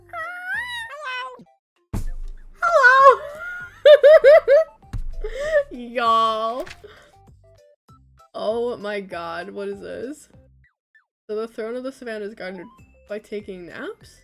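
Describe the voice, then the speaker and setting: A woman's voice: medium pitch, takes it slowly, gravelly, long pauses, bright, forceful tone, soft background music. A young woman streaming a game, chatting casually with her chat and laughing often. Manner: chatty, giggly, talking to chat.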